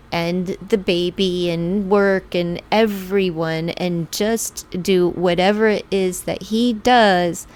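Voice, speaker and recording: Slow-talking woman giving a chatty tarot reading. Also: on the low side. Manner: chatty, laughs often, acts out quoted lines; slow, drawn-out talk. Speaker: tarot reader.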